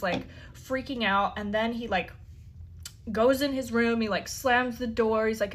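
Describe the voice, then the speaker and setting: As an interview guest, a woman tells a personal story in a chatty way, peppering it with "like" and swearing freely. Her voice is a little high and a little slow, with slight background noise.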